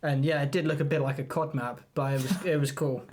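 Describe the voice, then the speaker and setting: A young man in his twenties co-hosting a podcast, relaxed, asking questions and cracking dry jokes. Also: on the high side, fairly quick. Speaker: podcast co-host. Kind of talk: casual chat.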